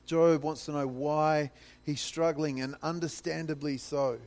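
A pastor preaching a sermon in a conversational way, acting out scripture in dramatic paraphrase. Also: male voice, on the high side, fairly even intonation, unhurried, a little mellow.

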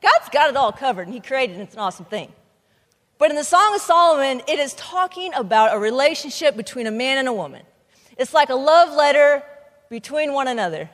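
A young adult woman giving an energetic, emphatic sermon as a camp speaker. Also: high-pitched, a little fast. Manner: energetic, emphatic preaching with rising bursts. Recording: speech in a reverberant hall.

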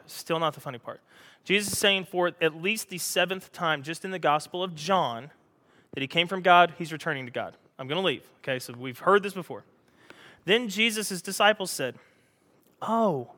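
A male pastor preaching a sermon, animated and joking, acting out the scripture he reads. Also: high-pitched, a little fast, big-room sound.

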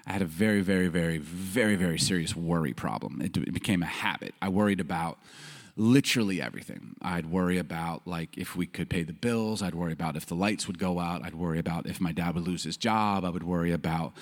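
A man from Chicago and Baltimore preaching as a pastor, telling a story with frequent laughter and loud bursts. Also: low voice, fast talker. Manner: animated, laughing often, rising to loud bursts. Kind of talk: sermon storytelling.

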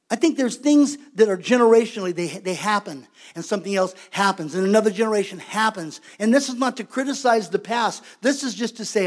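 A man's voice: sits high, animated, moderate pace. A man preaching a sermon as pastor, conversational and emphatic, repeating his points for weight.

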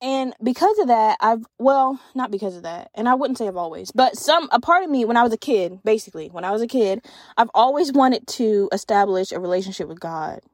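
A woman in her twenties hosting a casual solo podcast, telling comedic, profane stories with an animated delivery and lots of "like.". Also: a little high, a little fast, no room sound, studio quality. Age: 20s. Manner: frequent fillers like "like". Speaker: podcast host.

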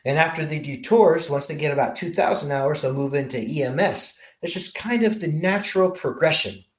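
A man's voice: fairly high pitch, moderate pace. Man telling stories in a roomy echo. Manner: animated storyteller, many restarts. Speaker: helicopter pilot guest. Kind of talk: casual interview storytelling.

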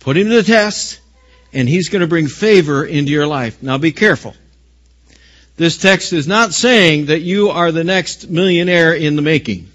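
A man preaching a sermon as pastor, rising to loud emphasis on key phrases and asking the congregation questions. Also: on the high side, moderate pace.

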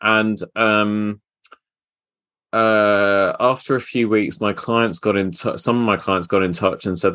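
A man who hosts a business podcast and works as a tailor, telling stories in a relaxed way. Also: fairly low pitch, slow pace, clean tone, dry recording. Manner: relaxed storyteller. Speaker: host, tailor. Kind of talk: casual interview chat.

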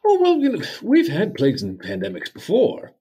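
A man's voice: high voice, wildly swooping pitch, normal speed, mellow, breathy edge, exaggerated voice. A man playing a jolly, sentimental old Santa Claus as an interview guest, folksy and chuckling. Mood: jovial. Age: older.

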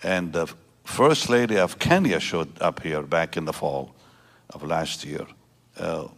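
A pastor in his seventies gives an emotional personal testimony to a church congregation, with halting restarts. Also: low voice, a bit bright. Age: 70s. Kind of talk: prayer and personal testimony sermon. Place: church service before a congregation.

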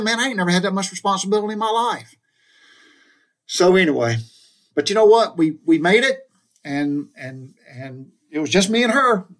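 A man's voice: on the high side, fairly bright tone. A middle-aged man from the United States telling a personal story in a folksy, colloquial way, addressing listeners directly. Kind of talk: casual spoken storytelling.

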